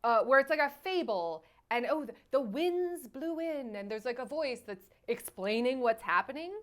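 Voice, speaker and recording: High pitched woman host, animated and exasperated, casual film chat. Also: moderate pace. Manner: animated, exasperated, restarts and trails off. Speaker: podcast host, film reviewer.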